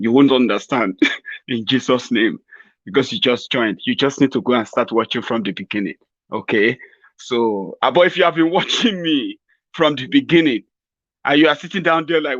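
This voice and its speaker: A Nigerian man holds forth in a mocking political vlog, rambling and sarcastic, often chuckling at his own remarks. His voice sits mid-pitch. The sound is dull and dry. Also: normal speed, fairly bright tone, no echo. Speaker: political commentator host.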